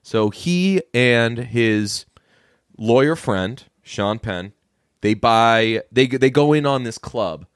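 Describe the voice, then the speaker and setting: Guy on a podcast telling a movie plot, jumps into higher voices for the characters, dry close sound. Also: slow, smooth, no room sound. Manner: animated storytelling, acting out quoted lines in a higher voice. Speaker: podcast co-host. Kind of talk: casual movie recap chat.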